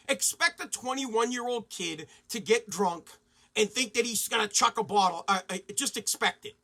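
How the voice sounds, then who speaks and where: A man in his forties rants on his podcast, swearing freely and breaking into loud bursts of outrage. His voice sits very high for a man. It has a bright, forceful edge. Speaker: podcast host. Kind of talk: profane ranting monologue.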